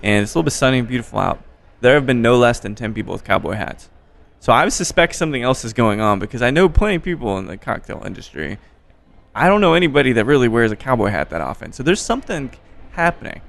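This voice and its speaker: A man hosting a podcast interview, relaxed and joking, swearing casually. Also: mid-range voice, fast talker, creaky. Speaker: podcast host. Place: bar by a window.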